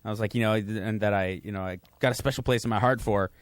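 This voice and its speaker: A middle-aged man chatting as a podcast guest, telling stories in a halting, self-deprecating way with many restarts. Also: fairly low pitch, steady tone, no room sound. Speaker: guest, radio host. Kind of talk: casual podcast chat. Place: studio.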